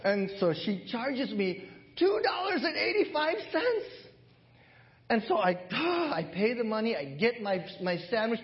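A man's voice: extremely high pitch, sing-song, measured pace, pitched above the performer's own voice, heavily acted. A man voicing his elderly father as a fussy, bewildered old man, on a dull lo-fi church recording. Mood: exasperated. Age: older.

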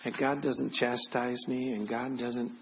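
A man's voice: mid-range voice, flat delivery, lo-fi sound, a little hiss or hum. A man in his sixties, a pastor preaching a sermon, telling stories with earnest feeling. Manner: storytelling, drops to soft and slow when emotional.

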